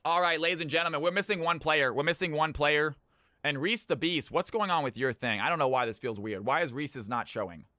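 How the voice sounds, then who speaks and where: A man from California hosting his stream's viewer games, chatting casually with his viewers, brisk and swearing freely. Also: fairly high pitch, pushed and bright, dry recording, clean studio sound. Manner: brisk, swears, talks to chat. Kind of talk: casual live-stream chat.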